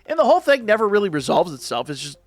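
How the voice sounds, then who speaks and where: A man's voice: high-pitched, very animated, rapid-fire, dry recording. A man hosting his reaction channel, reviewing an anime episode in a casual, jokey, rambling way with lots of fillers and restarts.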